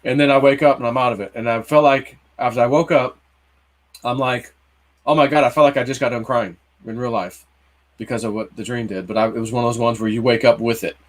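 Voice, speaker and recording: A man's voice: medium pitch, steady tone, fast talker. A man in his early forties casually telling a long personal story on a livestream, rambling, with many fillers and restarts. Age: 40s. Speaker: livestream co-host.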